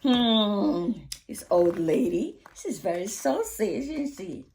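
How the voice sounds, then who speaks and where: A woman's voice: medium pitch, animated, slow, a little mellow. A woman who hosts her own channel, explaining storytime techniques to early years practitioners and often ending with "isn't it?". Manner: explanatory, asks tag questions.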